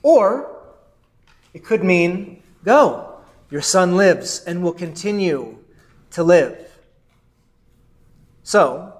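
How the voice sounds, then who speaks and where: Male pastor, high voice, slow and conversational sermon delivery, keeps asking "right?". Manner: conversational, often adds "right?"; quotes and voices figures from the text.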